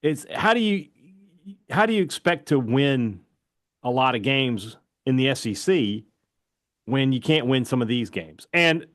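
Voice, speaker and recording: A man co-hosting a sports talk radio show, telling stories and giving takes in an animated, fast-bursting way. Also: medium pitch, dry recording, clean studio sound. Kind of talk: casual sports talk chat.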